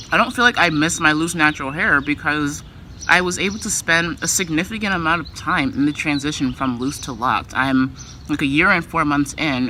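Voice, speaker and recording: Woman, casual vlog talk, very bright tone, chatty, filler-heavy, faint background noise. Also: low-pitched. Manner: chatty, loose, full of "like" fillers. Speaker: vlogger.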